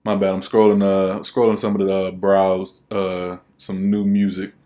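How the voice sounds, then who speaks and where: A young man with a fairly low voice co-hosts a podcast, talking in a loose, easygoing way. He rambles and fills gaps with plenty of ums and uhs. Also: flat delivery, moderate pace, dark tone. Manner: laid-back, rambling with many fillers. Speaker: podcast co-host. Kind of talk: casual chat.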